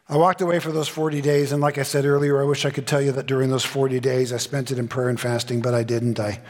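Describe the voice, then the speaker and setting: A middle-aged man preaching a conference sermon with punchy, comic asides and mock voices. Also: mid-range voice. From Southern California. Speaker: pastor. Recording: long hall reverb.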